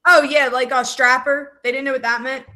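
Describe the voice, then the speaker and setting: A woman from South Philadelphia with a South Philly accent, a podcast guest chatting casually and telling animated stories with frequent laughter. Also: high-pitched, fairly quick. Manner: laughs often, animated storytelling. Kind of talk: casual chat.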